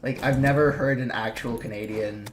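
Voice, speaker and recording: A man's voice: medium pitch, fairly even intonation, normal speed, over music. Rambling man with a slight Minnesota accent. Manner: rambling, many fillers and restarts. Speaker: streamer and video maker. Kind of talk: casual chat while gaming. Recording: echoey room with clear background noise.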